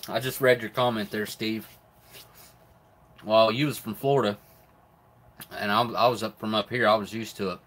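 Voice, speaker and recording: A man's voice: fairly low pitch, fairly even intonation, unhurried, long pauses, a bit bright. A middle-aged man hosts a live stream, chatting casually about rations while eating, often with his mouth full. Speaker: live stream host reviewing military rations.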